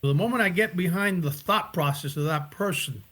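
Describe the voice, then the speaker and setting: A man being interviewed about his acting work, talking in a reflective, casual way and often pausing to find his words. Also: high voice, a bit bright. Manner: reflective, searching for words, restarts. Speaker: actor and director, guest.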